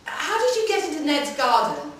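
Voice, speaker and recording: A woman reading aloud, voicing an anxious, fussy teenage boy in a higher, strained voice, heard from far off in an echoey library room. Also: lively intonation, normal speed, fairly bright tone, slight background noise.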